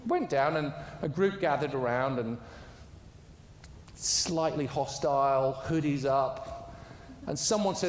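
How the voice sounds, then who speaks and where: Man, public speech, fairly high voice, emphatic, roomy hall echo. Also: animated, unhurried, a little hiss or hum. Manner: storytelling, emphatic. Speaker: conference speaker. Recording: echoey hall with long reverb.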